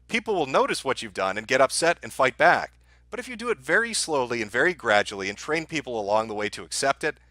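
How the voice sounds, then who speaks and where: A man's voice: medium pitch, sharp tone, no echo. A man hosting a livestream, ranting angrily with a lot of swearing about the topic he's covering. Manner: profane, angry, ranting. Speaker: livestream host. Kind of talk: heated livestream rant.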